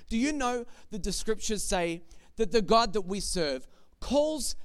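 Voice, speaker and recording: A man's voice: very high-pitched, clear, resonant tone. A man in his thirties preaching a sermon, telling a family story and building to emphatic declarations. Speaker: pastor.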